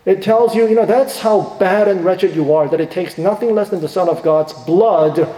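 A middle-aged man, a pastor, preaching a sermon with emphatic swings between hushed and rising delivery. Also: high-pitched, moderate pace. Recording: echoey hall with long reverb.

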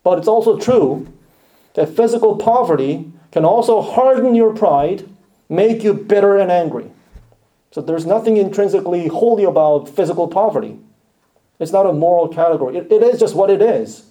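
A man preaching a sermon earnestly, rising to loud emphatic lines and dropping to quiet, hushed ones. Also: sits high, lively intonation, moderate pace. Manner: earnest, swells loud then drops to near-hushed lines.

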